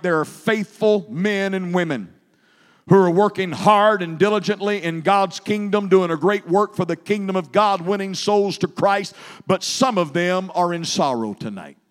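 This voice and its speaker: A high-voiced man preaching from the pulpit, his words ringing with a long echo through a big hall. He starts low and measured, then rises to fervent, loud preaching. It sounds like a church sanctuary. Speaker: pastor. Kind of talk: sermon. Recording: long reverb of a large hall.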